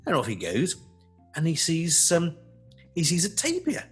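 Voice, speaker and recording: A man co-hosting a podcast, chatting and telling a joke in a rambling, animated way. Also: fairly high pitch, moderate pace, slightly rough, soft background music. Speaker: podcast co-host. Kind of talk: casual chat and joke telling.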